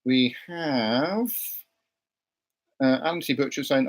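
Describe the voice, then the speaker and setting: A man's voice: mid-range voice, lively intonation, normal speed, rough recording. Male podcast host, chatty, playfully combative. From Britain. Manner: playfully argumentative, reads out chat comments. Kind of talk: casual live podcast chat.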